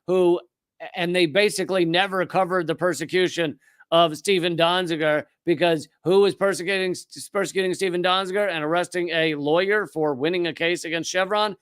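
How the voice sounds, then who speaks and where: Sardonic Southern man with a crisp voice. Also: sits high, steady tone, a bit bright, no room sound, clean studio sound. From Richmond, Virginia, US. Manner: sardonic, rapid and conversational with frequent restarts. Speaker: live-stream political commentator. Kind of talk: live-stream commentary reading chat.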